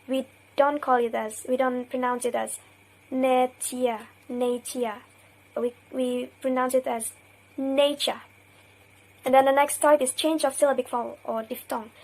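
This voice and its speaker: A young woman student giving a recorded class presentation, explaining slowly with hesitations and repeated example words. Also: high voice, rough recording. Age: young adult. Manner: hesitant, self-correcting.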